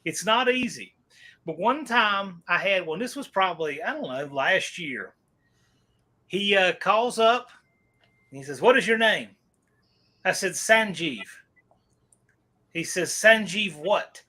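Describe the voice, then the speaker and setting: A man's voice: high voice, expressive, slow pace, long pauses, sharp tone. A man casually telling joking stories about prank-calling scammers on a live chat show. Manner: joking storyteller.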